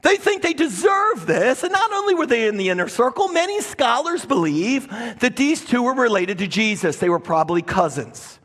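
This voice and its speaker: A male pastor preaches with a high, husky voice that leaps between loud bursts and quiet asides. He tells the story with lively, animated emphasis. His clip-on mic catches the long reverb of the church hall. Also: moderate pace, few pauses. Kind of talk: sermon. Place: church sanctuary. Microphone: clip-on microphone.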